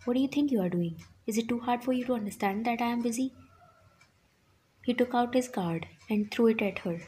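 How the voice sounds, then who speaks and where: A woman's voice: on the high side, a little fast, mellow, lightly acted. A woman reading the lines of an arrogant young male CEO, curt and dismissive, for a narrated fan story. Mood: irritated.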